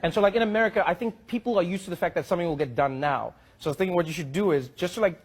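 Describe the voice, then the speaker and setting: A man's voice: fairly high pitch, lively intonation, rapid-fire, husky. A man telling a comedic anecdote in a chatty way, full of filler words. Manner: chatty, lots of "like".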